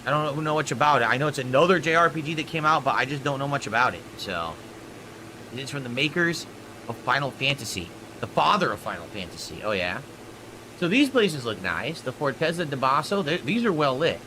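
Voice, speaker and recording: A man's voice: mid-range voice, sing-song, a little fast, background noise. A man streaming live, chatting with viewers about his flight and pushing for donations. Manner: chatty, thanks supporters, pushes for donations. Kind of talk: live-stream chat while flying a sim.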